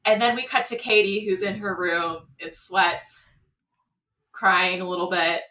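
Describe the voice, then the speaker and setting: Recapping a reality show in casual chat, a podcast co-host tells the story animatedly and acts out the quotes as she goes. Her voice is fairly low and unhurried, heard from a distance in an echoey room with slight background noise.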